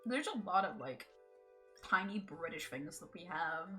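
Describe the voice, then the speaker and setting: A woman's voice: lowish voice, big pitch swings, normal speed, a bit bright, faint music behind. A woman with a Scottish accent, between Edinburgh and Glasgow, chatting casually on a gaming stream, swearing freely and laughing often. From Scotland. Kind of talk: casual live-stream chat while gaming.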